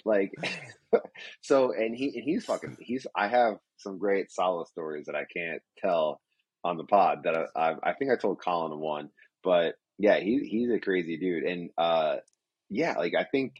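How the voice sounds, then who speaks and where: A man's voice: deep voice, moderate pace, darkish tone, breathy edge, no room sound, lo-fi sound. A young man hosting a casual podcast, rambling and profane. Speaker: podcast host.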